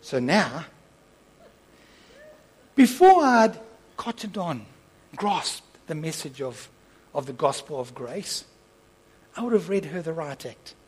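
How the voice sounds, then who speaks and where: A man preaching, telling a story and acting out its dialogue, moving between soft asides and loud impassioned peaks. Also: fairly high pitch, sing-song, slow, pauses often, husky, rough recording. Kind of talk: storytelling sermon.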